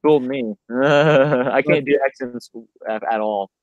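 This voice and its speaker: A man hosting a casual livestream interview, easygoing and quick to agree. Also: medium pitch, no room sound, muffled recording. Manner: easygoing, quick to laugh along. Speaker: livestream host.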